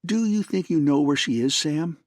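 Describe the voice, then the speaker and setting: A man's voice: a little high, moderate pace, dry recording, studio quality, pitched above the performer's own voice, natural voice. Man voicing Effie, a fiery young secretary. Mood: worried. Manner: impassioned, pleading, indignant. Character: young woman secretary, worried and fiery-tempered.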